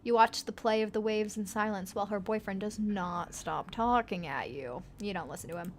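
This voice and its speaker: A woman's voice: mid-range voice, normal speed, slight background noise. A woman reading an interactive story aloud, adding playful joking comments and laughing often. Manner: playful, laughs often, jokes between read passages.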